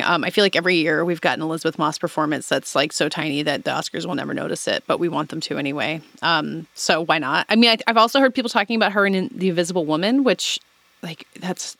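An eager woman weighs in fast on film awards talk, sure of her views. Her voice is bright with some vocal fry. The sound is close and dry. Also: lowish voice, dry recording. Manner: fast, enthusiastic, opinionated. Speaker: podcast panelist. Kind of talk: casual film discussion.

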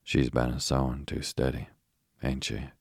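A man's voice: extremely low pitch, monotone, moderate pace, creaky, husky, no room sound, studio quality, exaggerated voice. A man voicing a deaf, fussy, kindly old village woman in a bedtime story, with homely country talk.

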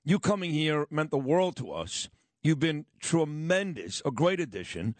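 Teasing New radio host, lively pitch. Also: male voice, moderate pace, no room sound. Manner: teasing, interrupting, folksy. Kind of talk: morning radio banter. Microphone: studio microphone.

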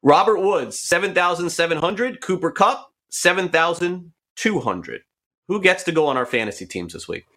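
A man's voice: high-pitched, expressive, normal speed, pushed and bright. A man hosting a sports talk podcast, playfully quizzing his guest. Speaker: host.

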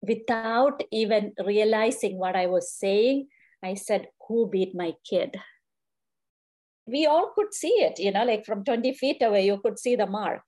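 A woman's voice: mid-range voice, moderate pace, a little mellow. Middle-aged woman recounting an emotional ordeal. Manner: earnest, retells events by quoting what people said. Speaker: interviewee, grieving mother. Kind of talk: emotional personal account.

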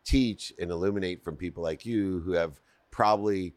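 A man's voice: low-pitched, normal speed, a little mellow, no echo. A man hosting a podcast interview, chatty and asking long questions. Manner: chatty, laughs along, asks long questions. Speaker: podcast host. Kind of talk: conversational interview.

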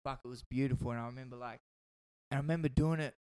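A man in casual chat, telling stories in an animated way and swearing constantly. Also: mid-range voice, rapid-fire, clean tone. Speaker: podcast guest telling fight stories.

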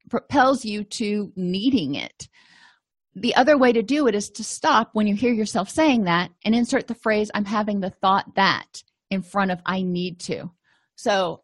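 A woman counselor and educator gives a conversational, lecture-style talk, explaining ideas through everyday examples. Her voice is medium in pitch, and the recording is dry.

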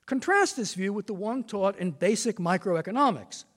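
Older male lecturer, high lively voice, reverberant lecture hall. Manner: measured, reads quotations with emphasis. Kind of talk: formal prepared lecture.

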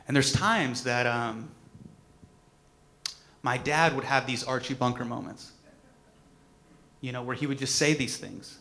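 Bright-voiced man telling an animated story. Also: medium pitch, unhurried, pauses often. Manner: animated storytelling, acts out quotes. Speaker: comedian. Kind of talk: personal tribute speech.

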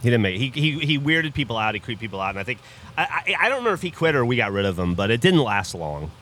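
A man's voice: medium pitch, fast, a little hiss or hum. A man co-hosting a podcast, chatting casually and acting out quoted dialogue as he tells stories. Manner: animated storyteller acting out quotes. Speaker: podcast co-host. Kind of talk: casual chat.

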